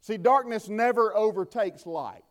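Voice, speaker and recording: A male preacher with a strikingly high voice. He delivers his sermon in a fervent, repeating cadence that builds on each phrase. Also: a little slow. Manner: impassioned, repetitive preaching cadence.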